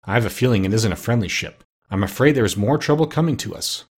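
A man's voice: medium pitch, expressive, quick pace, breathy edge. A man voicing a sensible, fussy female duck who speaks anxiously and insistently. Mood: worried.

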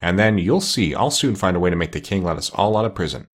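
A man's voice: deep voice, expressive, quick pace. Polynesia, a man voicing a bossy parrot. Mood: scheming. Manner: crisp, commanding, boastful. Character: clever bossy female parrot, proud and bold. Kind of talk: storybook reading.

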